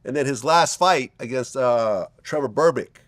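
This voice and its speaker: A man's voice: mid-range voice, normal speed, fairly bright tone, no echo. A man hosting an interview, leading the talk by recounting stories to prompt his guest. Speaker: interviewer, host. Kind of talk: conversational interview.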